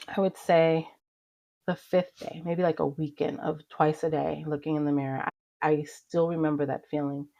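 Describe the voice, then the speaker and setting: A middle-aged woman with a low voice hosts a motivational podcast. She talks in a casual, chatty way, full of fillers and asides as she tells personal stories. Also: muffled recording. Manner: chatty, animated storytelling with frequent fillers. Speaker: podcast host.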